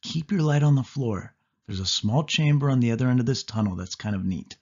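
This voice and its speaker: A man's voice: mid-range voice, lively intonation, fairly quick, darkish tone. A man voicing a bossy, teasing young girl cousin in a pushy, sing-song way in a storybook reading. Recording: dull lo-fi audio.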